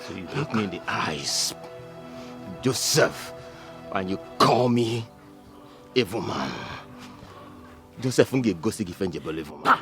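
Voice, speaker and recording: A man's voice: sits low, animated, a little slow, long pauses, music in the background. An actor with a Nigerian accent playing a threatening elder brother who mixes Igbo into his threats, in a film drama. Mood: menacing. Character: menacing elder brother Patrick, called evil man.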